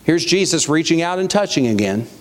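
Male pastor, sermon, fairly high voice, long hall echo; slow, lifted scripture reading, plain asides to the congregation. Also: lively intonation. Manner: reads scripture slowly with rising emphasis, then talks plainly to the congregation.

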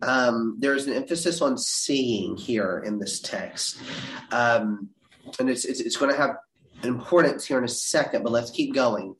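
A man teaching a Bible class, reading verses aloud with dramatic leaps in pitch. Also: a little slow, a bit bright. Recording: roomy echo.

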